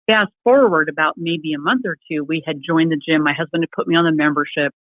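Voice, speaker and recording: A middle-aged woman, a guest in an interview, telling her personal story in a lively way and acting out the people she quotes. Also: low voice, fast talker, no room sound. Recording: tinny phone-like remote call, dry.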